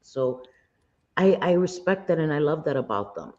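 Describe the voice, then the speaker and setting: A woman's voice: sits low, very animated, normal speed, darkish tone. Blunt woman livestream host, lo-fi audio. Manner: blunt and indignant, with occasional swearing. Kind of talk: casual gossip commentary. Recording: dull lo-fi stream audio.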